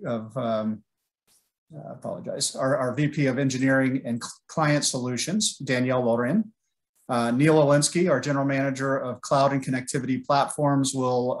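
Male sales presenter, mid-pitched, halting with lots of fillers, webinar delivery. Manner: halting, many filler words.

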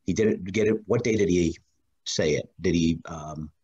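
A man talking in a casual class discussion as a student, hesitant, with many fillers and frequent throat-clearing. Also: low voice, moderate pace, warm tone, dull audio.

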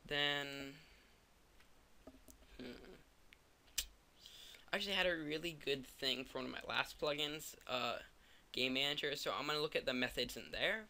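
A man's voice: mid-range voice, measured pace, vocal fry, pauses often, bright, forceful tone, slight background noise. A tired young man narrating a coding tutorial, thinking aloud and joking at himself as he types. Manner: rambling, self-mocking, thinks aloud. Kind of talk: screen-recorded coding tutorial.

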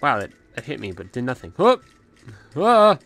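A man's voice: medium pitch, huge pitch swings, quick pace, creaky, a bit bright, no room sound. Chatty young man narrating his gameplay. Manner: chatty, talks to the game's enemies. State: out of breath. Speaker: gaming channel host. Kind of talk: let's play commentary.

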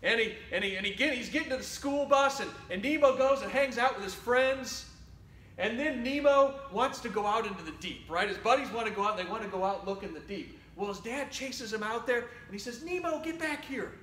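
A man preaching a sermon as pastor, talking conversationally and swinging between loud exhortation and quiet asides. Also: high-pitched, a little fast. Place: church sanctuary. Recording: roomy church sound from a distant mic.

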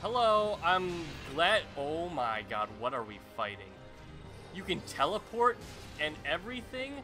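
A young man commenting on a boss fight as he plays, swinging from muttering to loud yelps and exclamations. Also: fairly high pitch, big pitch swings, moderate pace. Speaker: gaming channel host. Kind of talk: excited let's-play commentary. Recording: game music underneath.

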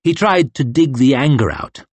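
A man's voice: medium pitch, expressive, normal speed, slightly rough, no room sound. A man narrating an audiobook in a tense, dramatic reading style. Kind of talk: scripted narration.

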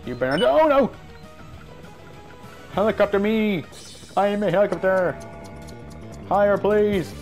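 A man giving casual gameplay commentary, excitable and yelping at every mishap, with a stuffy nose. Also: high voice, a little slow, pauses often, soft background music. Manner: excitable, yelps and shouts at mishaps. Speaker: gaming YouTuber.

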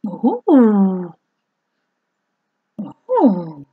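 Slow, sing-song preschool teacher woman. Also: mid-range voice, wildly swooping pitch, husky, no room sound, narrow, tinny audio. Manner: slow, exaggerated, sing-song teacher delivery with gasps and oohs. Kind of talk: children's phonics lesson.

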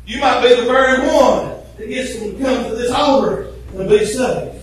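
Shouting high-voiced preacher, echoey church. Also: male voice, normal speed, recorded from a distance, a little hiss or hum. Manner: rhythmic preaching, frequent "uh" fillers, swells into shouted sung phrases. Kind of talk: sermon.

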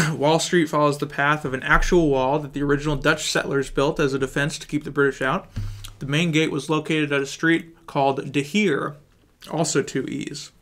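A man reading a film script aloud with his mouth full of chewing gum, his throat dry, in a flat, hurried read. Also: on the high side. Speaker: video creator.

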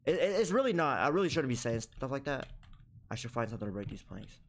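Playing a horror game, this young gaming YouTuber talks fast in a sing-song voice, cracking crude jokes and telling off the characters as if they could hear. His pitch swings all over, and each fright sends him into a sudden high yelp. There's slight background noise.

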